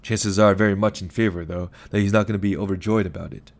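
A man voicing a weary gray-haired older man who speaks in a measured, patient, quietly firm way. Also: fairly low pitch, steady tone, natural voice.

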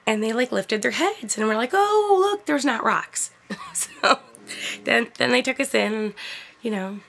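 A middle-aged woman chatting casually about a trip, using lots of fillers and laughing often, with a gravelly, husky voice. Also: on the high side, steady tone, normal speed, fairly bright tone, soft background music. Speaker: vlogger. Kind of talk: casual storytelling.

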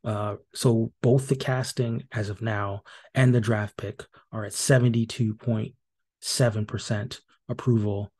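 Dark-voiced man hosting a rambling podcast. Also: fairly low pitch, fairly even intonation, a little slow. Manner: casual and rambling, many fillers and restarts; dry and wry. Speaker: podcast host. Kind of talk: solo podcast recap.

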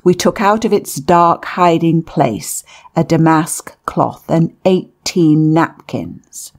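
A woman narrating a memoir-style audiobook in a measured, deliberate reading. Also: low-pitched, a little mellow.

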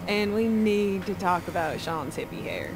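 A woman's voice: medium pitch, expressive, normal speed, lightly acted. A woman voicing a laid-back, teasing young female drifter in a video game, with an easygoing drawl. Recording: game audio under noisy mix.

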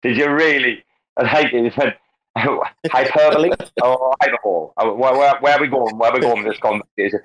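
A man hosting a crypto talk space, brash and excitable, swearing constantly in casual banter. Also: mid-range voice, fast talker. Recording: lo-fi online call audio.

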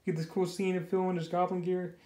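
A man's voice: sits high, level tone, brisk, mellow. A man casually reviewing a comic book, rambling loosely and filling his talk with "you know" and "like". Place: indoors. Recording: echoey room.

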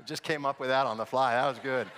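In a church sanctuary whose hall adds long reverb, a male pastor with a mid-range, fairly bright voice delivers a sermon as humorous, conversational storytelling full of jokes. A little hiss or hum can be heard in the recording.

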